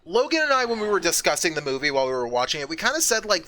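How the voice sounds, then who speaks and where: A man streaming a game, chatting casually in a rambling, profane way with excited outbursts. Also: fairly high pitch, rapid-fire, hardly any pauses. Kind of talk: casual chat while gaming.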